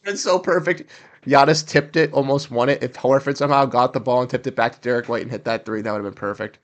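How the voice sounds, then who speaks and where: A young man hosting a casual livestream watch-along, reacting to plays and talking with his chat in quick, excitable bursts. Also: mid-range voice. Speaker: livestream host. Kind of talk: casual live game commentary.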